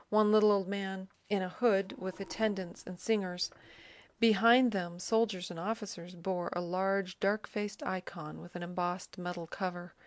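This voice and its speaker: A woman narrates a classic novel in a measured, even way. Her voice sits on the low side, and the recording is dry and close with no room sound. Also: no room sound. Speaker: audiobook narrator.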